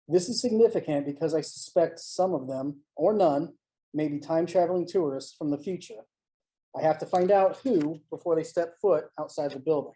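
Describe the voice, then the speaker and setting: An author giving a live online reading of a first-person short story, in a steady, measured storytelling manner. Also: medium pitch, poor audio. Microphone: home mic on a live online stream.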